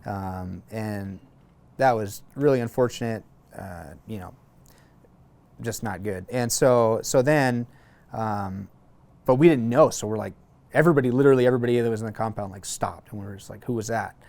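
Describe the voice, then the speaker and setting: A man in his thirties, a former Marine, calmly telling a long personal story in a casual interview, with frequent fillers and restarts. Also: on the low side, creaky. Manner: relaxed, halting, many fillers and restarts.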